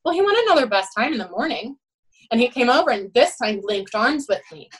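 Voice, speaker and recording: A woman's voice: a little high, very animated, fairly quick, breathy edge, poor audio. Candid, emphatic woman swim coach. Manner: candid and emphatic, peppered with "you know" and "right?". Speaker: college swim head coach. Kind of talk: podcast interview storytelling.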